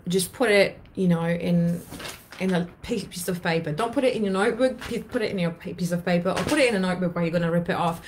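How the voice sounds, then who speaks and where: A woman's voice: on the low side, slight background noise. A woman in her thirties, an anxiety coach, talking to her viewers in an earnest, blunt way and swearing freely. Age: 30s. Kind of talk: emotional coaching talk to viewers.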